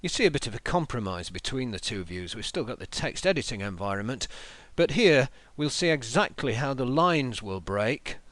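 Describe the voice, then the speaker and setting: A man narrating a software tutorial in a measured, explanatory way, talking through each menu step aloud. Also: medium pitch, sing-song, no echo. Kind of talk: screen-recorded software tutorial.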